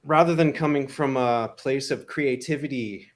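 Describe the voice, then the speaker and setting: A man's voice: mid-range voice, normal speed. A man, a YouTube creator, chatting as a guest in a casual podcast interview, easygoing and fond of telling stories. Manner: easygoing, storytelling, laughs along.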